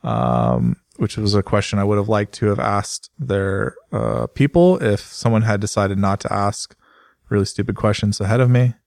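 A man, a motorsport journalist, chatting casually on a podcast and telling rambling, animated stories full of fillers. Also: fairly low pitch, normal speed, vocal fry, no room sound, studio quality.

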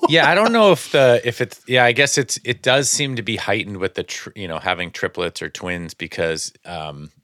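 A man's voice: fairly low pitch, normal speed, hardly any pauses, fairly bright tone, no echo, studio quality. A man hosting a podcast, chatting casually and thinking aloud as he rambles. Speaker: podcast host. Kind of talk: casual chat.

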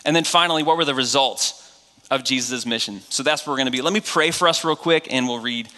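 In a church sanctuary with long hall reverb, a guest pastor with a New England accent delivers a casual, joking sermon packed with fillers. His medium-pitched voice is bright and forceful, and he speaks quickly.

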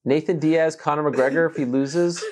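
A man's voice: on the high side, fairly even intonation, normal speed, darkish tone. A man co-hosting a fight talk show over a video call from a spare bedroom, laughing easily but steering the talk back to analysis.

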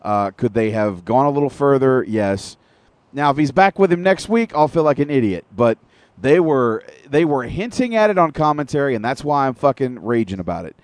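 A man's voice: medium pitch, very animated, normal speed, no echo. A man co-hosting an internet radio show, ranting in casual, profane wrestling talk with long detailed recaps. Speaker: podcast co-host.

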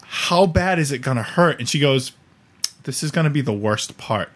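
A man's voice: medium pitch, normal speed. A man hosting a podcast, telling an embarrassing story in casual comedic style and acting out everyone's lines. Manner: animated, laughing storyteller acting out dialogue. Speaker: podcast host.

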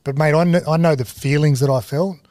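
A man in his thirties with an Australian accent, a TV host and former rugby league player, telling animated, slangy stories as a podcast guest. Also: fairly high pitch, a little fast, no room sound, clean studio sound. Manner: animated, laid-back storyteller, slangy. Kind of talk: casual storytelling interview.

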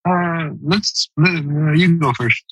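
A man's voice: on the high side, takes it slowly, a bit bright, breathy edge, dry recording, low-quality recording. A man co-hosting a casual sports podcast, chiming in with laid-back remarks. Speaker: podcast co-host.

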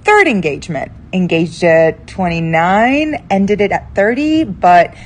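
A woman's voice: fairly low pitch, sing-song, unhurried. A woman in a played clip, giving blunt, emphatic advice and repeating lines for stress. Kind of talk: casual advice monologue.

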